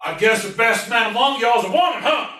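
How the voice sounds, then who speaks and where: A man voicing a gruff older male army sergeant who barks orders at recruits, with a Southern accent. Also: very high-pitched, expressive, a little fast, bright, forceful tone, roomy sound, recorded from a distance, a little hiss or hum, pitched above the performer's own voice, heavily acted. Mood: barking. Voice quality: barking, drawling, commanding.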